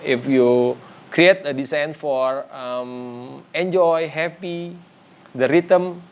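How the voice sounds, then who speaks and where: A man teaching graphic design in a lesson, speaking non-native English with an Indonesian first language, pausing often with fillers and restarts. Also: a little high, a little hiss or hum.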